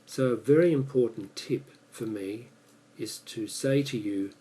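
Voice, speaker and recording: Slow, mellow Australian man teaching. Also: mid-range voice, low-quality recording. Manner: measured, deliberate, with pauses. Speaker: English pronunciation teacher. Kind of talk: prepared instructional talk.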